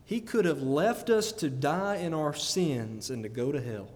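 Animated preacher in a reverberant church. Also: male voice, fairly high pitch, unhurried. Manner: animated, laughing often, rising to emphatic peaks. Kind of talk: sermon. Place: church sanctuary.

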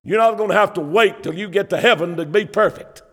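A man's voice: sits high, fairly quick, a bit bright, breathy edge. Fervent man preaching in an echoing church. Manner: fervent preaching with rising emphasis; Bible quotations in old King James wording. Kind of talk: sermon. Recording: long church reverb.

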